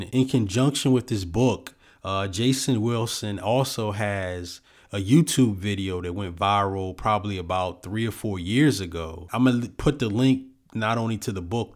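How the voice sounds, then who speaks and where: A man hosting a solo book-review podcast, talking in an earnest, reflective way with lots of "you know" fillers. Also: sits low.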